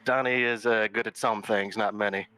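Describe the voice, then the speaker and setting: A man playing in a tabletop game, joking around and pausing often on fillers, on a home mic during a video call. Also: lowish voice, steady tone, pushed and bright, clean tone. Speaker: player. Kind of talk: casual tabletop play.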